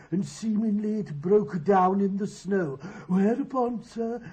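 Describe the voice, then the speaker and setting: A man's voice: high voice, warm tone, husky, full character voice, rough recording. A man playing a humble butler. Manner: humble, halting, full of "sir". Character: deferential rustic male servant, a butler. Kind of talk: radio drama acting. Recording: old radio play recording.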